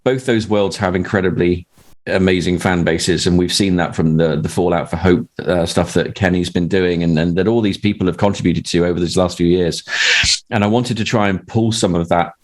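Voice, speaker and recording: A man on a video call, the script writer, talking in a halting, rambling way with many restarts. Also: sits low, fairly even intonation, darkish tone. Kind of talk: casual video call chat.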